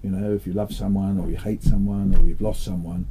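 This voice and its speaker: An older man from England, talking in a relaxed interview with a dry, playful manner and telling jokes with lively delivery. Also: low-pitched, a little fast, slight background noise. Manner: dry, playful, animated when storytelling. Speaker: interviewee, children's author.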